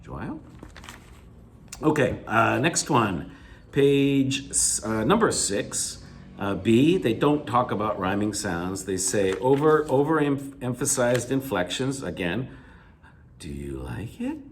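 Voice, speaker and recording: The speaker is an English teacher in a video lecture reviewing reading answers, who rephrases every key word more simply and says things more than once. He talks slowly and expressively, pushing his pitch up on examples while phrase endings fall quiet.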